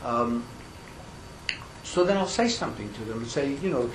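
An older man, a film director answering questions at a press conference, speaking haltingly with restarts and self-deprecation. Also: medium pitch, animated. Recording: echoey room with background noise.

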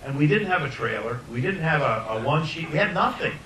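An older man, a filmmaker, telling anecdotes in an animated way, often laughing and restarting his sentences. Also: fairly quick. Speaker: filmmaker guest. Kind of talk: anecdotal storytelling. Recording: roomy distant mic, faint rumble.

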